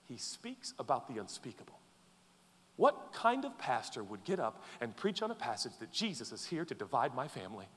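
A man preaching a sermon as pastor, swinging between loud pleading and quiet, intense passages. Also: mid-range voice. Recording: long hall reverb.

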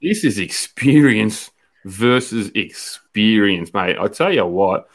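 Australian male podcast co-host, blokey and profane, animated pitch. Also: slow. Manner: swearing, blokey banter. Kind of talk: casual sports betting chat.

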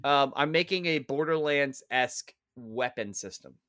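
An adult father of three co-hosts a casual gaming podcast, joking and ranting with plenty of swearing. His mid-range voice moves at a moderate pace with a fairly bright, clean tone, and the recording is dry with clean studio sound.

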